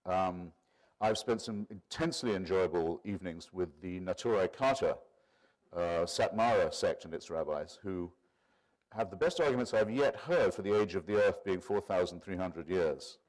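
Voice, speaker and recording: Older English male lecturer, lowish pitch; measured, learned delivery with digressions. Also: darkish tone. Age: 60s. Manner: measured, erudite, digressive with asides. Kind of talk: public lecture.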